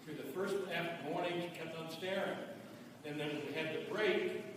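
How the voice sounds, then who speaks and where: A man in his seventies telling a story from his past in a measured way. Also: a little high. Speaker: speaker at a celebration. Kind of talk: anecdotal speech. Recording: echoey hall, distant mic, background noise.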